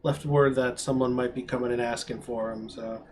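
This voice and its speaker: A man's voice: mid-range voice, steady tone, normal speed, darkish tone, slight background noise, natural voice. A man voicing a gnome innkeeper behind a desk, speaking politely and helpfully.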